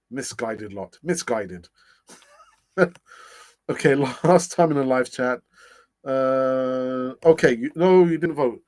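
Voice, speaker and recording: A man's voice: mid-range voice, extremely slow, pauses often, a little mellow, clean tone. Chatty man hosting a live stream. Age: middle-aged. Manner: chatty, laughs often, thinks aloud with fillers. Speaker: host of a fan channel live stream. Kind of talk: casual live-stream chat reading comments.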